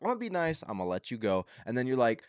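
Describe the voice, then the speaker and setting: Fast-talking young man, easygoing. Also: mid-range voice, huge pitch swings, darkish tone, clean tone, no echo, studio quality. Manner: easygoing, quick agreeing replies. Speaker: podcast co-host. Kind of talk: casual chat.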